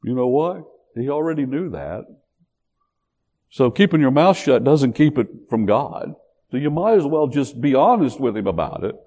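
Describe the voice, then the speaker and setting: A man preaching a sermon in an animated, emphatic way. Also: mid-range voice, moderate pace. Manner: animated, emphatic, acts out quotes.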